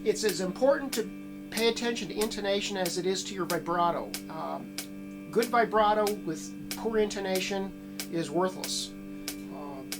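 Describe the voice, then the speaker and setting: Man teaching steel guitar, loose and unhurried. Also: high voice. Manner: relaxed, thinking aloud with many fillers and restarts. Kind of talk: instructional talk between playing.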